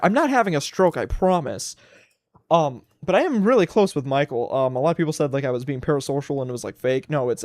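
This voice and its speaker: Profane ranting young man, very lively pitch. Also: no room sound, studio quality. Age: 20s. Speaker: livestream host. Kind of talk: casual solo livestream rant.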